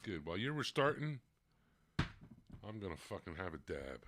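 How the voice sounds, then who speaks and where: A man's voice: low voice, big pitch swings, moderate pace, fairly bright tone, dry recording. A man co-hosting a live call-in stream, trading crude, laughing jokes in casual profane banter. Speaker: co-host.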